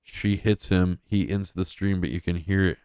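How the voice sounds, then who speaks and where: A man's voice: deep voice, fairly even intonation, moderate pace, darkish tone, slight background noise. A young man giving casual, crude and mocking reaction commentary as a streamer.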